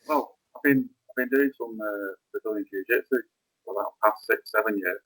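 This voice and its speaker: A man, a head teacher on a podcast, speaking in a casual chat with halting, repeated words. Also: fairly low pitch, fairly bright tone, slight background noise, poor audio.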